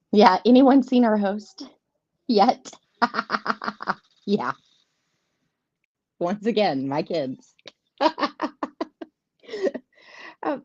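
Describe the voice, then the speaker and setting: A woman's voice: mid-range voice, warm tone, dry recording. A woman in her thirties or forties hosting a live tarot stream from home, chatting casually and laughing often. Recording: dull lo-fi stream audio.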